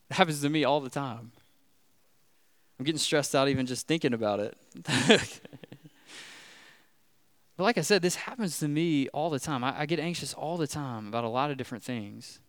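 Smooth-voiced man preaching casually. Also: on the high side, fairly bright tone, no echo. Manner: casual, asks "right?" often. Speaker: pastor. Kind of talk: conversational sermon.

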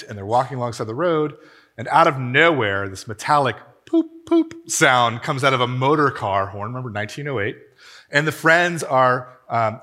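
A man preaching a sermon in a church, telling a story in an animated, conversational way. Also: mid-range voice. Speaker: pastor. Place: church hall.

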